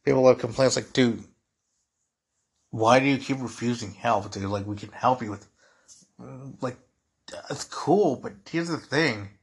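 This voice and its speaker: This young podcast host speaks unhurriedly in a husky, mid-range voice, pausing often. He works through his frustrations in a loose, rambling monologue, repeating "dude" and "like" again and again.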